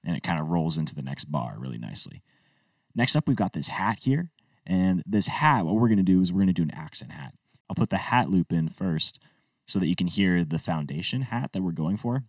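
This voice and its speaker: A man with a low voice walks through a music tutorial in an easygoing, step-by-step manner. The sound is dry, with little room to it. He sits a little back from the microphone. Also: expressive, a little fast, no echo, far from the mic. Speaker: music producer teaching a tutorial. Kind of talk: screen-recorded tutorial walkthrough.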